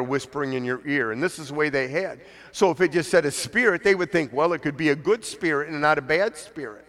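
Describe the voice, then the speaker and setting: A man's voice: on the high side, in a large hall. A man preaching a conversational sermon as pastor, now and then acting out the voices of the people he quotes.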